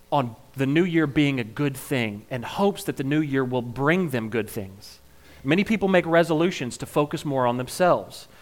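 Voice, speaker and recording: Male comic speaker, higher voice, animated and joking. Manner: joking asides, animated and playful. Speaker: comedic speaker. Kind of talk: comedic monologue.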